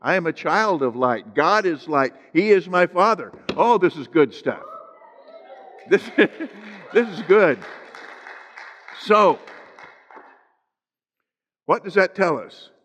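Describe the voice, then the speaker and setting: A man's voice: high voice, animated, slow pace, pauses often, a bit bright. A man preaching a sermon as pastor, stretching out scripture phrases for emphasis and slipping in joking asides to the congregation. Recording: long hall reverb.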